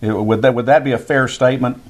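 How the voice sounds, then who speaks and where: A man's voice: mid-range voice, steady tone, a little fast. Folksy man hosting an interview. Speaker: interview host.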